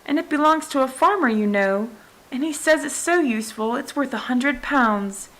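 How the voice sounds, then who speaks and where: A woman's voice: sits high, expressive, normal speed, a bit bright, voice pushed up, poor audio. A woman reading a storybook aloud, voicing a polite, eager young girl who chatters on. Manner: eager, well-mannered chatter.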